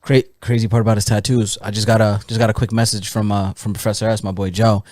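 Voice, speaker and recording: A man's voice: lowish voice, level tone, quick pace, a little mellow, no echo, clean studio sound. A man co-hosting a podcast, laid-back and slangy, reading messages aloud in casual banter. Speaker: podcast co-host.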